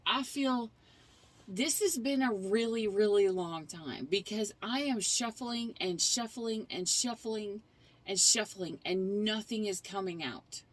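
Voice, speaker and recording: A woman's voice: mid-range voice, takes it slowly. A middle-aged woman giving a tarot reading, explaining the cards earnestly in a rambling, casual way with frequent restarts. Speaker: tarot reader.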